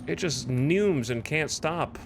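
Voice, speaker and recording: A man's voice: fairly high pitch, lively intonation, slow pace, vocal fry, noisy background. A man streaming a video game, chatting casually with sarcastic, exasperated self-talk. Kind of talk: casual gameplay commentary.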